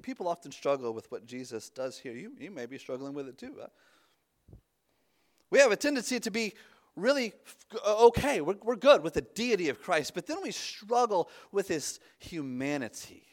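Lively high-voiced man preaching. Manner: conversational, with stammered restarts and sudden drops to a hush. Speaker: pastor. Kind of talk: sermon.

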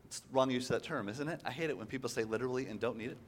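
A man preaching a sermon, animated and conversational, often tossing in "right?" to the congregation. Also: medium pitch, racing.

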